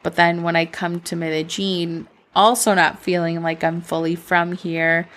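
Woman, Midwestern accent, slightly low voice, solo podcast host, candid and rambling, lots of fillers. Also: flat delivery, measured pace, fairly bright tone. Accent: Midwestern American. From born in Colombia, raised in Minnesota. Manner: candid, rambling, frequent "like" fillers, laughs at herself. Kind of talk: reflective solo podcast monologue.

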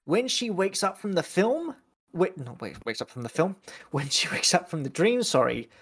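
Male podcast co-host, rambling and animated, a shade higher-pitched than most men. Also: moderate pace, husky, no echo, studio quality. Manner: animated, rambling, acts out scenes. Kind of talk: casual film-review chat.

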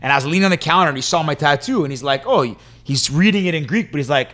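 Man, podcast co-host, rapid casual chat, lively storyteller. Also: fairly high pitch. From Canada. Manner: storytelling, animated retelling with quoted voices.

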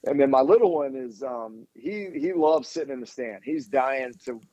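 A man's voice: mid-range voice, normal speed, no echo. A man in his thirties chatting casually and telling stories, acting out the quoted lines. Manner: relaxed storyteller who acts out quoted dialogue. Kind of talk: casual chat. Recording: dull, dry lo-fi sound.

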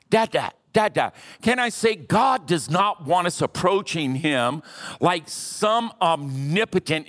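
Male pastor, 60s, unhurried fervent sermon delivery, calls out to the crowd. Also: fairly high pitch, a bit bright. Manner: impassioned preaching with audience callouts. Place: church auditorium.

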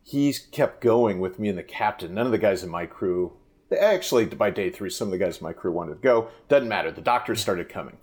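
A man's voice: lowish voice, animated, brisk, a little mellow. A man, a fishing guide, telling anecdotes in a casual interview, rambling and restarting his sentences. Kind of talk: casual storytelling in a podcast interview.

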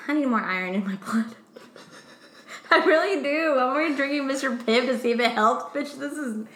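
A fairly high-voiced woman co-hosts a podcast in loose, profane chat with lots of fillers. She records in an echoey room. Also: normal speed. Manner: chatty, profane, trails off with fillers. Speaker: podcast co-host. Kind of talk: casual chat.

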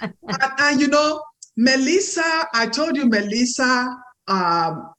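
A woman's voice: high-pitched, takes it slowly, pushed and bright. A woman hosting an interview podcast, talking in an emphatic, encouraging way. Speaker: podcast host.

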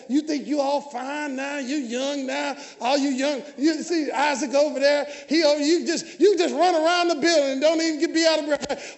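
A man, preaching a lively sermon and calling out to the congregation, often shouting. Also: very high voice, moderate pace, hardly any pauses. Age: 50s. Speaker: pastor. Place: large church hall. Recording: church hall with long reverb.

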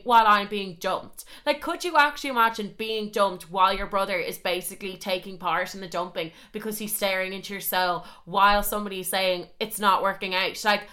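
A young woman hosts her podcast in a loose, chatty monologue, swearing freely and mocking herself. Her voice is bright and forceful, sitting at an ordinary middle pitch for a woman. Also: fairly quick, few pauses. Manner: chatty, swears a lot, self-mocking, animated. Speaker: podcast host. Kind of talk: casual storytelling monologue.

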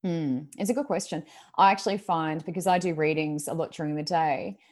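A woman with a notably low voice, telling a story as a podcast guest. She rambles casually and packs her talk with fillers. Her tone is easygoing and conversational. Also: fairly even intonation, a little fast, darkish tone. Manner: chatty, rambling, full of "like" and "um". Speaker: guest medium.

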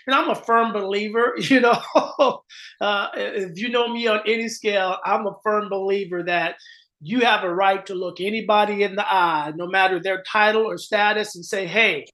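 Earnest man hosting, high voice. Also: steady tone, moderate pace, sharp tone. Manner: earnest, repeats words when starting sentences. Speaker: podcast host. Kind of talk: casual podcast conversation.

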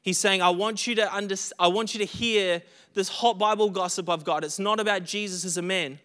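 A man's voice: sits high, steady tone, a little fast, a bit bright, clean tone, in a large hall. A man preaching a sermon, earnest, often stumbling and restarting as he stresses repeated phrases, a little short of breath. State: recovering from illness, short of breath.

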